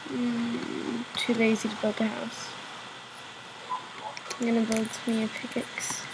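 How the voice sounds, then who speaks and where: A young woman gamer speaks slowly in a higher voice with a completely flat delivery. Recorded at home with clear background noise, she gives casual, rambling let's-play commentary while playing, muttering and joking to herself.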